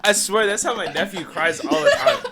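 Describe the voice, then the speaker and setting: A young man chatting casually on a podcast, animated and stammering, swearing and laughing a lot. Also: sits high, moderate pace, very noisy. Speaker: podcast co-host. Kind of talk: casual chat.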